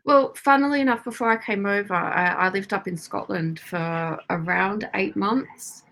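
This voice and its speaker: A woman's voice: mid-range voice, normal speed, vocal fry, fairly bright tone. An Australian woman being interviewed as a guest, talking casually and laughing often between phrases. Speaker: guest, club photographer.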